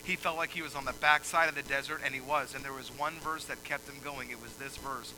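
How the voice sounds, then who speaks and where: A male pastor preaching a sermon, moving from quiet explaining to loud, emphatic preaching. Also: mid-range voice, fairly even intonation, brisk, hardly any pauses, background noise.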